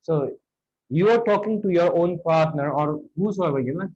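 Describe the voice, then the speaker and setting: A man's voice: a little high, normal speed, a little mellow, lo-fi sound. A man with an Indian English accent teaching spoken English, acting out lines of dialogue to show intonation.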